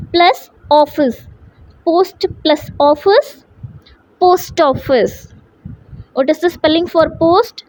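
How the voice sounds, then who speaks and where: Slow high-voiced teacher spelling aloud. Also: female voice, a little mellow, no room sound. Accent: Indian English. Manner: spells words out letter by letter, slow and deliberate. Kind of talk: classroom English lesson. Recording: dull lo-fi sound.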